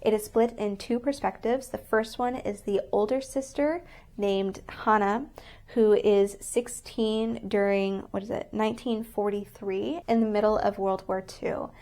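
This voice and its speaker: A woman's voice: medium pitch, fairly even intonation, measured pace, mellow. A woman reviewing books on her vlog, earnest and openly emotional, rambling with frequent restarts. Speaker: book vlogger. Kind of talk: casual book review vlog.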